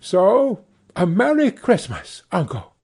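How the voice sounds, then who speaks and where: A cheerful, warm-hearted young man pleads with his miserly uncle, as a man reads him aloud. His voice climbs high and swings widely with feeling, earnest and impassioned, with a husky edge. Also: huge pitch swings, slow pace, full character voice. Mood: pleading.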